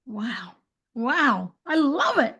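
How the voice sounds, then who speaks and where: A woman's voice: fairly high pitch, big pitch swings, very slow, bright, forceful tone, slightly rough, lo-fi sound. A woman hosting a podcast interview, talking enthusiastically and tripping over her words now and then. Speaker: podcast host. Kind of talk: casual interview chat.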